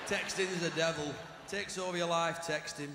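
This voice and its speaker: Stand-up, man, high brash voice, echoey arena, loud crowd. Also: steady tone, moderate pace, very noisy. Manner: brash, swearing, exasperated storytelling. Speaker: stand-up comedian. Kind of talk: live stand-up comedy. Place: large arena stage. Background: loud audience laughter.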